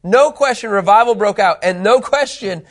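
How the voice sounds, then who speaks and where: A middle-aged man with a slightly raised voice leads a Bible lesson. He is animated and talks to the room casually, regularly stopping to check that his listeners are following along. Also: high-pitched, moderate pace. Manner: animated, keeps asking "okay?" to check understanding. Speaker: Bible teacher. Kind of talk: Bible teaching.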